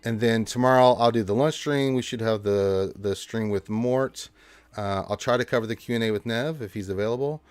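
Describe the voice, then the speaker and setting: A man's voice: medium pitch, a little fast, a little mellow, clean tone, dry recording. A man hosting a livestream, chatting loosely with lots of fillers and wrapping up the show. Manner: loose, rambling, full of fillers. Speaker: livestream host. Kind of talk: casual stream chat and sign-off.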